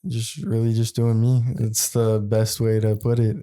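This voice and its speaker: Nineteen-year-old male guest, easygoing, halting, mellow dark tone. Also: on the low side, flat delivery, clear, resonant tone. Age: young adult. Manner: laid-back, halting, many "like" fillers. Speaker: podcast producer, guest. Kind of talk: casual chat.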